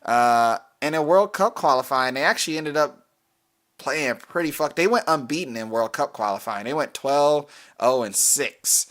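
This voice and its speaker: A man co-hosting a casual podcast, working through sports predictions at an unhurried pace. He rambles, stops to correct himself and scatters fillers as he goes. His voice sits at an ordinary pitch for a man. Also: animated, fairly bright tone. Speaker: podcast co-host. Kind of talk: casual chat about soccer picks.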